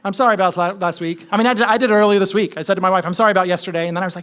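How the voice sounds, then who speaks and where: A man's voice: very high-pitched, lively intonation, fast, sharp tone. A man preaching a sermon as pastor, talking conversationally, asking the congregation questions and repeating his key points.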